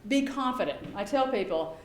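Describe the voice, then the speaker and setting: A woman giving a talk to parents as a behavior specialist. She is chatty and lively and often acts out quoted dialogue. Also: on the high side, normal speed, echoey room. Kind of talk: presentation to an audience.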